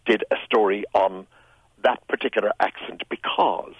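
An older man from Ireland with a soft Irish accent, smoothed by years in London, speaking as a radio guest in a reflective, musical way. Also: lowish voice, normal speed, dry recording, dull audio. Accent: Irish, Tipperary, smoothed by years in London. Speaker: radio show guest, writer. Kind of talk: relaxed radio conversation.

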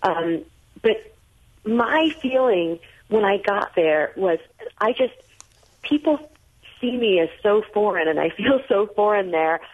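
A woman's voice: mid-range voice, expressive, slow pace, long pauses. An American woman in her forties, a guest author talking on a radio call-in show, chatty and prone to restarting her sentences. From United States. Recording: tinny phone line.

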